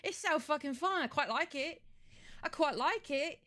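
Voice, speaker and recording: A brash, cheeky character speaks in an overdone mock-British accent, high and bouncy, as a woman puts it on. The accent is broad and obviously exaggerated, far above a natural speaking pitch. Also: lively intonation, moderate pace, sharp tone.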